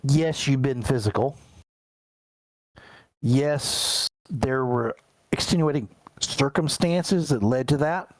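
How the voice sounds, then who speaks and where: Slow, rambling male game master. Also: mid-range voice, dry recording, rough recording. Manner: rambling, with many fillers and restarts. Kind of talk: narrating a tabletop game.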